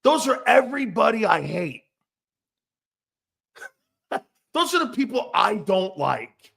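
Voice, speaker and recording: A man's voice: sits high, big pitch swings, takes it slowly, gravelly, a bit bright, slightly rough. A middle-aged man hosting a casual sports talk show, brash and profane, laughing often as he riffs and reads viewer comments.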